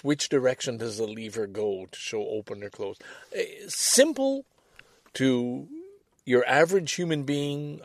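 Older Canadian man, podcast host: gravelly voice, lively swings in pitch, candid and self-mocking, swears a lot. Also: no room sound. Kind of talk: rambling personal monologue.

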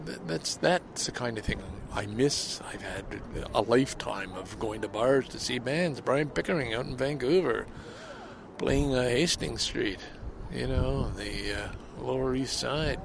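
A man's voice: mid-range voice, unhurried, creaky. An older man from Canada rambling to his listeners in a casual outdoor audio vlog, stopping and restarting his thoughts as he goes. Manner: rambling, self-interrupting, talks to listeners. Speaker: vlogger and podcaster. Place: outdoors in a city, at a station and on a bench. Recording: city street and vehicle noise.

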